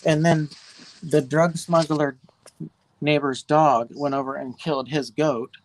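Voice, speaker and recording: A man with a slightly high voice tells neighbor stories in a loose, animated way. He jumps up into shrill imitations of the people he quotes. He talks outdoors into a phone. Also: measured pace, slight background noise. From California. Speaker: livestream guest. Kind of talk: casual storytelling chat. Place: outdoors at his property.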